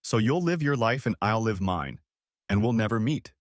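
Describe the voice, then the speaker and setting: A man's voice: fairly low pitch, expressive, moderate pace, no room sound, studio quality, lightly acted. Man voicing a scornful mocking wife. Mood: cold. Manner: cutting, sarcastic delivery.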